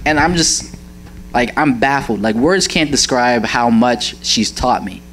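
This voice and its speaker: A man's voice: mid-range voice, unhurried, fairly bright tone, slight background noise, poor audio. Earnest young man sharing a testimony. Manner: earnest, searching for words, laughs often. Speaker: church member sharing a testimony. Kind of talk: heartfelt personal testimony.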